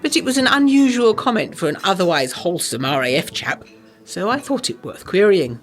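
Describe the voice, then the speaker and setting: A prim young lady scholar voiced by a woman reads out her own letter in a brisk, proper manner. Her pitch moves about a great deal, and faint music plays under the narration. It is the narration of an audio drama. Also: big pitch swings, natural voice.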